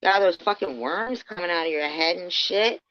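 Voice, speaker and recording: A woman ranting angrily on a livestream, swearing heavily and swinging between low muttering and loud outbursts. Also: normal speed, a little hiss or hum. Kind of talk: angry ranting livestream commentary. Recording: dull lo-fi stream audio.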